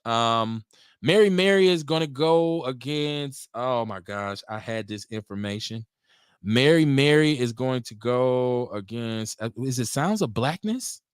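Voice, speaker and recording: Middle-aged man, solo podcast host, rambling and animated, mid pitch, dry close sound. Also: a little slow, clean tone, dry recording. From Milwaukee, USA. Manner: rambling, talkative, lively swings in pitch. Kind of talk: casual solo talk show.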